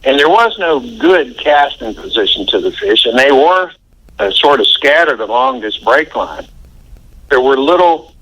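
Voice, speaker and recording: An older American man telling stories in a relaxed, folksy way during a casual interview, with plenty of fillers. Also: mid-range voice, unhurried, rough recording. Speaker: interview guest.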